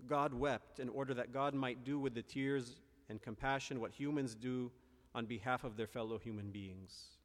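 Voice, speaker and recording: Earnest priest preaching in a reverberant hall. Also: male voice, mid-range voice, steady tone, moderate pace. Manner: earnest, reflective preaching with restarts and asides. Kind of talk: sermon.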